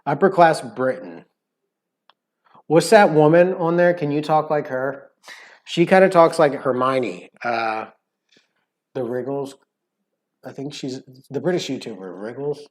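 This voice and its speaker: A man's voice: mid-range voice, expressive, a little slow, pauses often. A man co-hosting a live stream, chatting casually, rambling and joking and repeating his words as he talks. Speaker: co-host of a live cooking stream.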